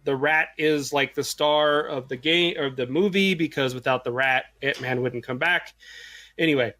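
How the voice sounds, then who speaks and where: A man in his thirties co-hosting a podcast, excitable and profane, gushing in casual chat. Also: medium pitch, normal speed. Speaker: podcast co-host.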